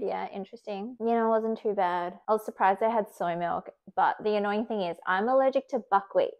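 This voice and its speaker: A woman's voice: medium pitch, dark tone. A woman chatting casually to camera in a vlog. Her talk is loose and filler-heavy, peppered with "like," and she laughs easily between stories. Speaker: vlogger.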